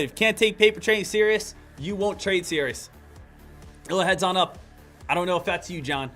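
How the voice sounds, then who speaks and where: A man hosting a live trading stream, animated and lecturing, talking straight to his chat. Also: on the high side. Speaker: day trading livestream host.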